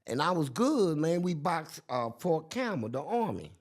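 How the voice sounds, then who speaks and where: A man's voice: on the high side, moderate pace. An older man telling a story in casual chat, acting out the people he quotes. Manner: animated, acts out quotes in different voices. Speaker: guest.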